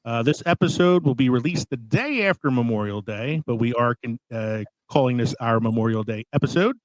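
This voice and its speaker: Man, podcast host, relaxed chat, swears freely, dry close studio sound, mid-pitched voice. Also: a little fast, no room sound, low-quality recording. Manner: laid-back, swearing, laughing between lines. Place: small studio.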